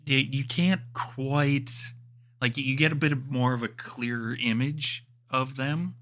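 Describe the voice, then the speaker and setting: A man's voice: medium pitch, steady tone, unhurried, a bit bright, a little hiss or hum. A man narrating as storyteller of a tabletop role-playing game, describing scenes loosely with many fillers.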